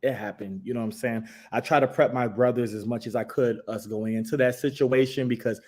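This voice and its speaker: A man's voice: medium pitch, steady tone, fairly quick, a little mellow. A young man from Massachusetts, a guest answering interview questions in an easygoing, laid-back way. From Springfield, Massachusetts. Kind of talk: relaxed conversational answers.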